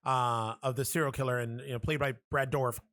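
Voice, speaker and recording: A man co-hosting a podcast, chatting casually and profanely, animated as he retells scenes and throws in quick impressions. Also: mid-range voice. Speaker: podcast co-host.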